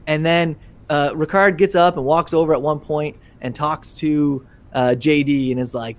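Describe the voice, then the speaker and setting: A man co-hosting a fan podcast, retelling events in an animated, excitable way with many restarts. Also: a little high, normal speed, few pauses. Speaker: podcast co-host. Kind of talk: casual chat.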